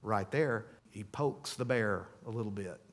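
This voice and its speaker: A middle-aged man preaching a sermon as pastor, emphatic and animated, with playful asides. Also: on the low side, measured pace. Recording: long hall reverb.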